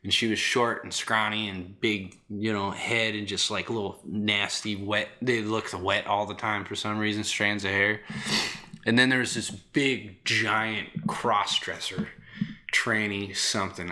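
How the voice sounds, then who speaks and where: A man hosting a podcast who tells rambling stories in a casual, animated way and swears constantly. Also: lowish voice. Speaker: podcast host. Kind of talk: casual storytelling.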